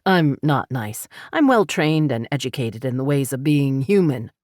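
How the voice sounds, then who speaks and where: A calm, gentle grown man with a dry sense of humor, as a woman reads him in an audiobook, talking softly in a low voice. Close and dry, with no room sound. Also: moderate pace, dry recording. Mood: easygoing. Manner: soft-spoken, lowered voice. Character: gentle, wry adult man, a calm listener. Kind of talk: audiobook character voice.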